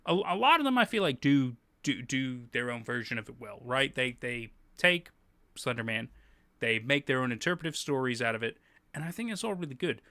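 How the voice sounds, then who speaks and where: A man's voice: mid-range voice, lively intonation, a little fast, pushed and bright, no echo. A man hosting a livestream, chatting casually and animatedly, laughing often and swearing freely. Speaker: livestream host.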